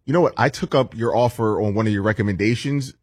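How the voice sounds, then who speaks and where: Husky guy on radio gossiping about a buddy. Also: fairly low pitch, quick pace, darkish tone, no room sound. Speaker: radio show co-host. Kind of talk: casual talk radio banter.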